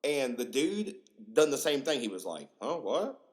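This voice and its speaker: A man's voice: mid-range voice, big pitch swings, normal speed. A young man hosting a podcast, telling stories in a rambling, slangy way with lots of fillers and crude jokes. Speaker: podcast host. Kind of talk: casual storytelling monologue.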